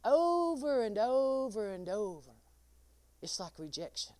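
A woman's voice: on the high side, sing-song, measured pace, a little mellow, no room sound. A woman preaching a sermon, laughing often and calling out listeners by name.

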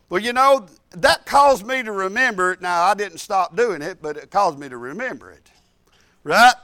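Guy preaching in church, high clear voice, dry close sound, keeps repeating himself for emphasis. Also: sharp tone, no room sound. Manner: preaching in rising bursts, repetitive and emphatic. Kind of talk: sermon. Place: church service.

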